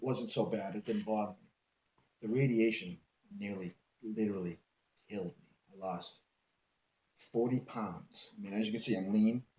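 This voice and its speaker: Man, interviewee, low voice, animated storytelling, echoey room. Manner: animated, acts out dialogue in his retelling. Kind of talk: personal storytelling.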